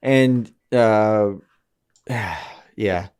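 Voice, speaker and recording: A man co-hosting a podcast in casual chat, animated, swearing freely and slipping into quick mimicked voices. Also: fairly low pitch, smooth. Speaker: podcast co-host.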